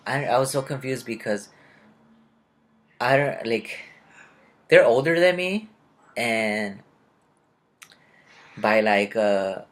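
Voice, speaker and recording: A man's voice: mid-range voice, animated, slow pace, pauses often. A young man casually telling a rambling personal story and acting out the people he met. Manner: rambling, confused, retells conversations in quotes. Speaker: vlogger.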